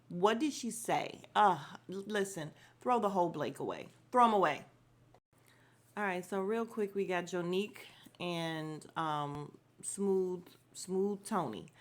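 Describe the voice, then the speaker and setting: A woman hosting a podcast, giving a casual, opinionated recap of a reality show with slang and frequent laughs. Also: on the low side. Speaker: podcast host.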